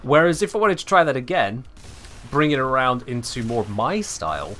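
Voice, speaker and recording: A male game streamer giving live commentary, speaking with sweeping highs and lows like an old-time radio host. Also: sing-song, normal speed, pushed and bright.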